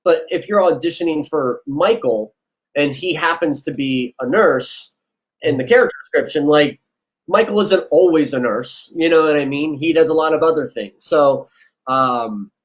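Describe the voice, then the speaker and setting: A man with a fairly high voice gives casual advice in an interview as a casting director. He talks in a loose, conversational way, often slipping into quick back-and-forth exchanges as he tells stories. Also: breathy edge, poor audio. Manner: relaxed, chatty, acts out quoted exchanges.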